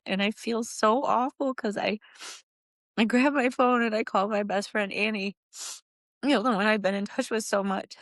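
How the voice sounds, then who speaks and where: A middle-aged woman tells a painful personal story in a halting way. She repeats phrases, and her voice climbs high when she relives moments. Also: dry recording, studio quality. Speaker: guest, grieving mother.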